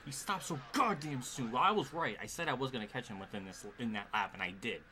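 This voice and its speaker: A man's voice: medium pitch, animated, fast talker. A man streaming a racing game live, commenting in an exasperated way, swearing often and laughing at himself. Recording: clear background noise.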